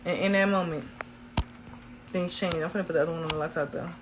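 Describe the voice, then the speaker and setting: A woman's voice: fairly low pitch, fairly even intonation, fast, background noise. A woman talking casually to her viewers about spirituality, emphatic and colloquial, repeating key phrases for effect. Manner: casual colloquial speech, addresses viewers as y'all. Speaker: spiritual reader.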